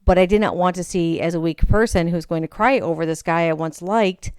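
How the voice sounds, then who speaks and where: A woman's voice: lowish voice, fairly quick, smooth, no room sound, clean studio sound. Woman podcast host telling a story. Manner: animated, acts out quoted voices. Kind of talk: storytelling monologue.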